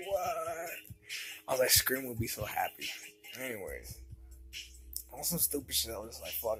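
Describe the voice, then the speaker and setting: Guy rambling thru a wild story, cursing nonstop, voice jumping all over, faint music behind. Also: mid-range voice. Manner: profane, animated slang-heavy storytelling. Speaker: vlogger. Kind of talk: casual storytelling.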